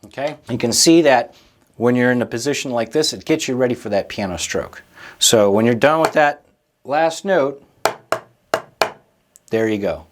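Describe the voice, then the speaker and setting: A man's voice: mid-range voice, lively intonation, normal speed, pauses often, noisy background. A man teaching a drum lesson in a patient, encouraging way, often checking in with the listener. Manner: casual, checks in with frequent "okay?" and "right?". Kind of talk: instructional explanation.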